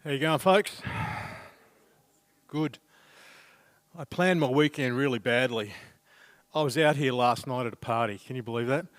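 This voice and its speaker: A man's voice: medium pitch, a little slow, pauses often, no room sound. A middle-aged man preaching a sermon in a church, telling a funny family story in a chatty, self-deprecating way. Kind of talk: sermon with humorous anecdote.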